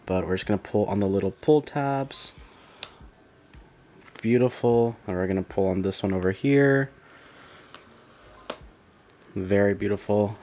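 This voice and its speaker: In a dim room at home, a young tech vlogger with a lowish voice narrates a phone unboxing casually. He's excitable and rambling, with many fillers and restarts.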